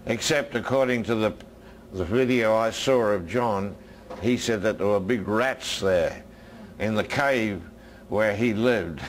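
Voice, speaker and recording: An American man preaching a sermon as a minister, his voice dropping low and soft and then rising again. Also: a little slow, slight background noise.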